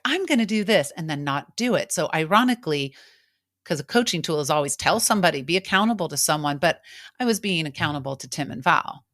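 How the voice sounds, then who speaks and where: A middle-aged woman with a notably low voice speaks candidly and reflectively, like a coach opening up in conversation. She slips into animated quoted voices now and then. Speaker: coach and podcast host.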